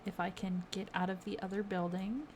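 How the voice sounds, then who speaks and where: A woman's voice: mid-range voice, little pitch movement, fairly quick, darkish tone, slight background noise. A young woman giving casual, gushing commentary as she tours builds in a life-sim game, easily delighted and full of fillers. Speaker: gaming video creator.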